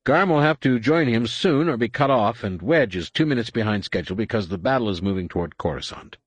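A man's voice: mid-range voice, expressive, a little fast, breathy edge, no echo, lo-fi sound. A man doing a blunt squadron leader. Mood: urgent.

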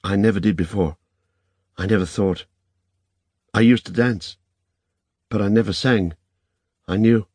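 A man reading the lines of a wary, self-conscious young woman in a soft, reluctant, hushed way. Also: fairly low pitch, a little slow, pauses often, husky, dry recording.

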